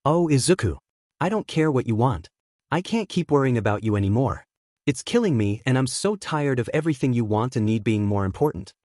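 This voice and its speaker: A man's voice: mid-range voice, animated, fairly quick, darkish tone, no room sound, natural voice. Cold condescending mother, read by a man, weary, dry close sound.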